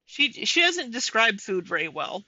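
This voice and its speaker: A woman's voice: fairly high pitch, very animated, normal speed, bright, forceful tone, no room sound, muffled recording. A woman giving casual commentary over livestream clips, chatting with viewers by name.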